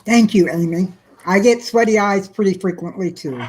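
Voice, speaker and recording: A middle-aged woman from Texas chatting on a livestream, answering viewers by name in a soft, emotional way. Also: mid-range voice, normal speed, low-quality recording. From South Central Texas. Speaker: livestream host. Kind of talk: casual livestream chat reading viewer comments.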